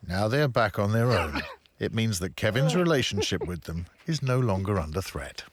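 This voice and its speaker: Lively, low-voiced male documentary narrator. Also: slightly rough. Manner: measured, informative delivery. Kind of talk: scripted narration.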